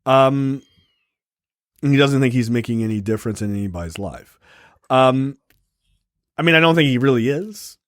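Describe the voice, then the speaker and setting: A man in a loose podcast film chat, rambling through the plot with ums and quick jokes. His voice sits in a middle register, recorded close and dry with no room sound. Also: mid-range voice, lively intonation, no room sound. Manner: rambling, with frequent ums and jokey asides. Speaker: podcast co-host. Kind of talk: casual movie review chat.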